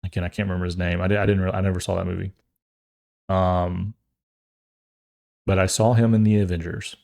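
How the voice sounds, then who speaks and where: Rambling jokey man, lowish voice. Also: brisk, vocal fry. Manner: rambling, jokey, trails off and restarts; animated, acts out quotes in funny voices. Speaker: podcast host. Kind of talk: casual chat.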